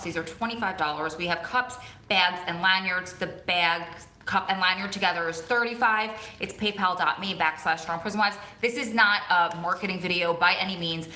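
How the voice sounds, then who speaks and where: A woman's voice: lowish voice, sharp tone. A woman from Long Island with a strong New Jersey and Long Island accent, chatting casually on her live stream. She rambles and repeats words for emphasis. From Long Island, New York. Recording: echoey room.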